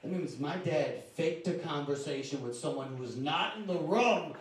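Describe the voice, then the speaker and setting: A man's voice: on the high side, animated, normal speed. Young male stand-up comic, echoey club. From Louisiana. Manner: casual, confiding, punchy delivery. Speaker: stand-up comedian. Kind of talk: stand-up comedy set. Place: comedy club stage. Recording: echoey club room from far off.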